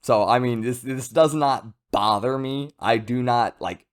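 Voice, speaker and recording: A man giving a casual, rambling video review of a comic chapter, chatty and lively. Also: medium pitch, measured pace, clear, resonant tone. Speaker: manga reviewer.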